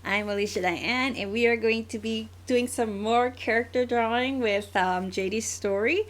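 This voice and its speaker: A graphic novelist in her forties with an American accent chats casually on a live stream, her throat scratchy and her speech full of fillers. Her voice is on the high side at normal speed.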